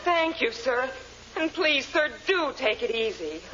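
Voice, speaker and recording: An earnest, fussing woman in 1940s radio comedy style. Her voice sits high. It comes through a dull old broadcast with loud noise. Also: very animated, unhurried. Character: earnest, fretting secretary and doting wife.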